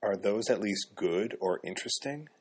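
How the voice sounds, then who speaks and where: A man's voice: fairly low pitch, animated, normal speed, husky. A man voicing an earnest young woman intern who defends her choices.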